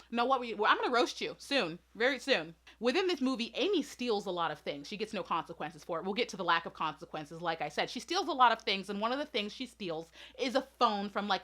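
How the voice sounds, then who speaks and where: A woman's voice: medium pitch, sharp tone. A woman reviewing a movie in an indignant, emphatic way, firing rhetorical questions and talking straight to her audience.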